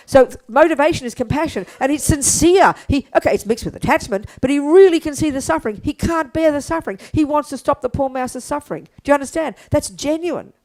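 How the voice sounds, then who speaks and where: Older woman, Buddhist teacher, blunt lively delivery, acts out voices, wide pitch swings. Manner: animated, blunt, acts out quotes, laughs.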